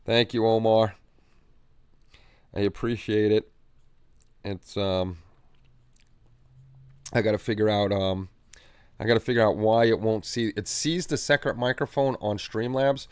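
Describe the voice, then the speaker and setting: A man's voice: on the low side, steady tone, measured pace, pauses often, darkish tone, clean tone, no echo. A man hosting a livestream, chatting casually and reading viewer comments in a rambling, easygoing way with repeated phrases. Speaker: livestream host. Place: home hobby room.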